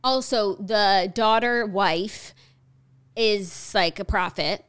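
A woman co-hosting a casual chat, blunt and quick to agree, with casual swearing. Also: mid-range voice, a bit bright, smooth. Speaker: podcast co-host.

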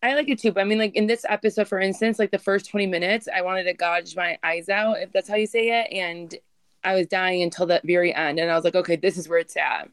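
A woman's voice: fairly low pitch, steady tone, quick pace, clear, resonant tone, no echo. A young woman co-hosting a podcast, laid-back in tone, often answering briefly. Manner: laid-back, laughs often, short replies. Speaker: podcast co-host. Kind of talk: casual chat.

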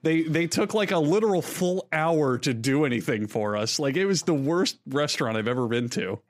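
Man co-host in a casual group podcast, animated and foul-mouthed. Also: a little high, normal speed. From Florida, US. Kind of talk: casual chat.

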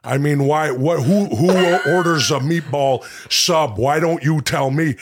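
A man doing a gruff blustering tough guy. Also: fairly high pitch, measured pace, background noise. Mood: indignant. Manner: indignant ranting with mock patriotic bluster. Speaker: comedy podcast host. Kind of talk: improvised comic impression.

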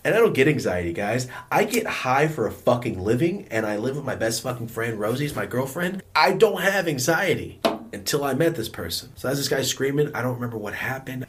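A young man telling a story about a bad work partner straight to camera, animated and full of swearing, with bursts of shouting and laughing. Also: mid-range voice, fairly quick, a little hiss or hum. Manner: profane, animated storytelling with outbursts. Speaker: vlogger.

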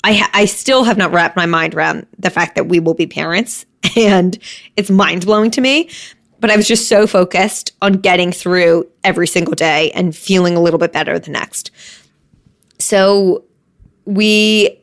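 A woman's voice: on the low side, normal speed. A woman hosting her own podcast, talking openly and emotionally to her listeners in a casual way, with some swearing. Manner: conversational, addressing listeners directly. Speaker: podcast host. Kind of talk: candid solo podcast talk.

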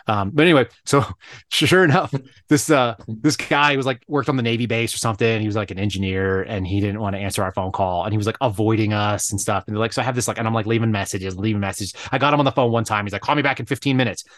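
A man co-hosting a podcast, telling animated anecdotes in casual chat, full of fillers. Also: on the low side, fast, dry recording, studio quality. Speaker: podcast co-host.

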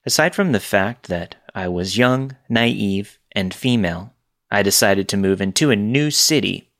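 A man reading scary true stories aloud in a measured, steady storytelling delivery. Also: fairly low pitch. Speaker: narrator.

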